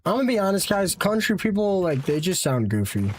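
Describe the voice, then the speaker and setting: Young American male streamer, high-pitched, hyped and chatty, slight background noise. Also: a little fast. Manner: excitable, chants sound effects while playing. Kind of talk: live game streaming with chat.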